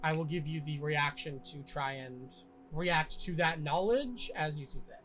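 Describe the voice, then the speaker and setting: A man's voice: a little high, a bit bright, a little hiss or hum, poor audio. Casual young male game master. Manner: casual, halting narration with many fillers. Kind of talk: narrating a tabletop game.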